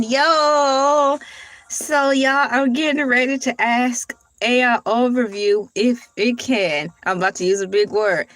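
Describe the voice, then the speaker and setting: A woman's voice: a little high, a bit bright, rough recording. A woman hosting a casual morning livestream, chatting to viewers, laughing often and reading search results aloud. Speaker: livestream host.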